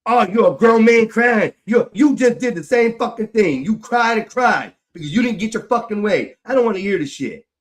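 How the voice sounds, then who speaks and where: Guy with a highish voice ranting on his stream, cussing a lot, keeps repeating himself, fed up. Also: animated, fairly quick, hardly any pauses. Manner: swears heavily, repeats himself, frustrated. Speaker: livestream host. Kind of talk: angry livestream rant.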